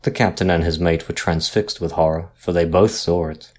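A man reading a sea ghost story aloud in a measured, dramatic narration style. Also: low-pitched, steady tone, a little mellow.

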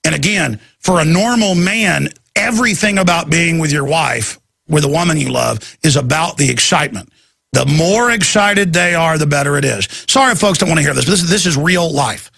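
A man's voice: fairly high pitch, expressive, normal speed, gravelly, fairly bright tone, husky, dry recording. A man hosting a talk show, delivering a rambling, ranting monologue full of restarts and stammers, acting out other people's voices. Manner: acts out quoted people in shifting voices.

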